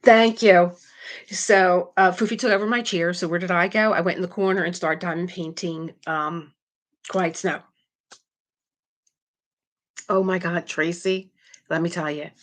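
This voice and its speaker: A woman's voice: fairly low pitch, fairly even intonation, measured pace, long pauses. A middle-aged woman hosting a live craft stream, chatting casually and animatedly, reading viewer comments aloud and laughing often.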